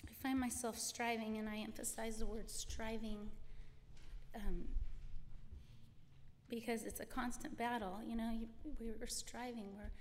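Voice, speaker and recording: Slow, earnest woman in a reverberant hall. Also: on the high side, flat delivery, a little mellow. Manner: slow, earnest, breaks off and restarts. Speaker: church member giving testimony. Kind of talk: scripture reading and personal testimony. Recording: reverberant hall with faint background noise.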